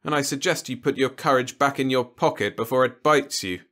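A man voicing a calm, confident diplomat hero who speaks in a dry, clipped, assured way. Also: medium pitch, a little fast, voice pushed up, close to an everyday voice. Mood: cool. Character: cool, unflappable male diplomat hero. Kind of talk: audiobook character voice.

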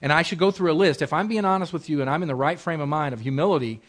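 A married adult man speaking very fast in a voice on the high side preaches as pastor in a Bible class. His sermon is conversational, with repeated phrases and rhetorical questions.

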